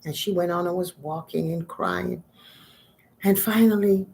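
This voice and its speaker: A middle-aged woman, a spiritual teacher, telling a folk myth in a conversational, expressive way. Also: lowish voice, measured pace, vocal fry.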